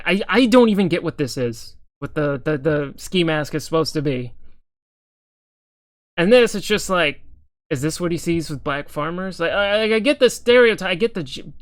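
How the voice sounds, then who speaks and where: A man's voice: on the high side, dry recording, studio quality. A young man giving heated reaction commentary on a video, often stammering and repeating words. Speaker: political commentator.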